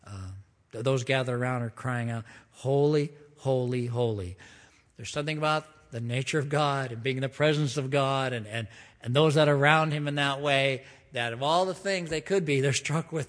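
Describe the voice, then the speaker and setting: A man preaching a sermon, leading a prayer and reading scripture in an earnest, emphatic way, slowing down to stress key phrases. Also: medium pitch, fairly bright tone, in a large hall. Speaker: pastor.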